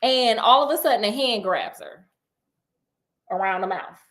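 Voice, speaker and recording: A woman's voice: fairly high pitch, moderate pace, a bit bright. A woman retelling a book in a sassy, chatty, comedic way with laughing asides. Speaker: storyteller.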